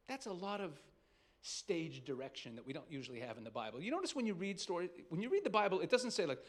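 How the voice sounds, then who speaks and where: High-voiced man preaching conversationally. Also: huge pitch swings, fairly quick, a bit bright. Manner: conversational and emphatic, with rhetorical questions and restarts. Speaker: rabbi preaching. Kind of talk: sermon.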